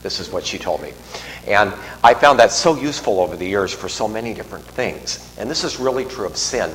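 A man's voice: on the low side, expressive, fairly quick, fairly bright tone. A middle-aged man, a priest, giving a homily in a conversational, digressive way with restarts and asides. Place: church. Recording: long reverb in a large church, faint hum.

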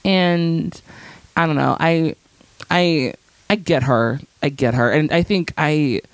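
A young woman co-hosting a casual podcast, recapping a TV episode with animated storytelling and high-pitched acted-out quotes. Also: slow pace, no echo. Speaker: podcast co-host.

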